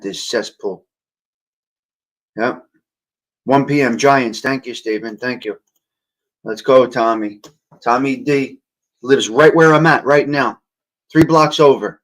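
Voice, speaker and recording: A man's voice: mid-range voice, takes it slowly, pauses often, low-quality recording. A man hosting a casual morning livestream, chatting and wisecracking with viewers by name, his voice a little off after a long night, talking into a cheap handheld mic. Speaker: livestream host. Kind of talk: casual live chat reading viewer comments. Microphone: cheap handheld mic moved near and far.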